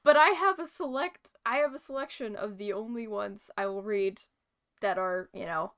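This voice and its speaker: A woman's voice: mid-range voice, normal speed, fairly bright tone, clean tone. A young woman from British Columbia, a guest on the show, chatting casually and rambling with lots of fillers. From British Columbia, Canada. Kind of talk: casual chat.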